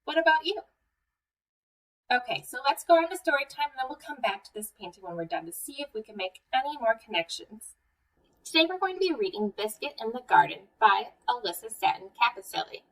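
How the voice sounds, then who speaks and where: A friendly young American woman leads a children's art lesson, talking clearly and asking her viewers questions. Her voice sits fairly high and is picked up from a little way off the mic. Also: sing-song, brisk, fairly bright tone, distant mic, low-quality recording. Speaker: museum educator.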